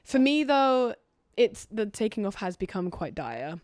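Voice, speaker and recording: A British woman and guest singer in casual chat, talking in a chatty, self-deprecating way with quick restarts. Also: mid-range voice, big pitch swings, darkish tone, no room sound, clean studio sound.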